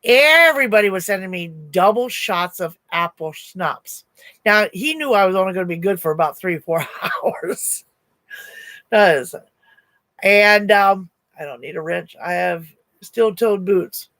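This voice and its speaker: A woman's voice: medium pitch, animated, a little slow, a bit bright, dry recording. A woman in her sixties hosting a livestream, telling stories casually, laughing often and answering chat comments. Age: 60s. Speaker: crochet livestream host. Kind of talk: casual storytelling to a live chat.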